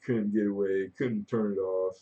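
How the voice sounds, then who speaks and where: A middle-aged man with a lowish, mellow voice talks in a loose, rambling way. He is candid and swears often. His speech wanders through restarts. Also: steady tone, normal speed, dull audio. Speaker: livestream host. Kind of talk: casual rambling chat.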